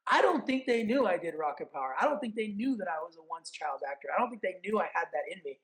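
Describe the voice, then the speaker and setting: A man in his forties from California, a guest telling stories in casual chat, acting out quotes with animated energy. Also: high voice, fast, poor audio. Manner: animated, acts out quotes and announcer calls. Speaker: podcast guest, actor and event announcer. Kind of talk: casual storytelling.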